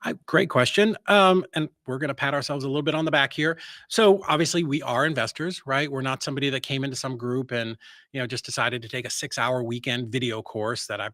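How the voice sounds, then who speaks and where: Energetic man, blunt and self-assured. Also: mid-range voice, brisk, no room sound. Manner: energetic, acts out quoted voices with sharp rises. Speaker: real estate investor and guest. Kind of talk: casual podcast interview.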